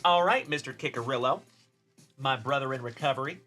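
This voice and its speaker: A man's voice: mid-range voice, fairly quick, faint music behind. Upbeat Texan man hosting a card stream. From Texas. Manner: upbeat, shouting out chat viewers by name. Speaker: card-breaking livestream host. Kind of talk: casual live-stream chatter.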